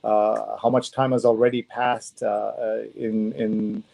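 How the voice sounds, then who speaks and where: A man hosting an online interview show, speaking haltingly with frequent restarts. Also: lowish voice, little pitch movement, gravelly, warm tone. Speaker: host. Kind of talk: casual video-call interview.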